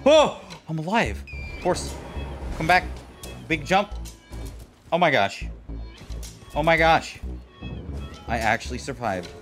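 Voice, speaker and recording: Excitable swearing gameplay commentator man. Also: a little high, slow, pauses often, faint music behind. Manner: excitable, jokey, swears a lot, talks to enemies. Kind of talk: casual let's-play commentary.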